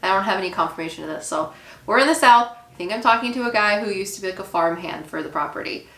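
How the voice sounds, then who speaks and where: A woman's voice: medium pitch, racing, a bit bright. A woman medium talking casually over a reaction video, musing and hesitant, with many fillers. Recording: echoey room with faint noise.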